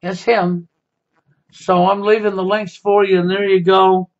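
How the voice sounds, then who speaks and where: High-voiced confrontational man, lo-fi. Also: little pitch movement, unhurried. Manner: confrontational, repeats "okay?". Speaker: YouTube commentator. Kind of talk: accusatory monologue. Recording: dull lo-fi sound.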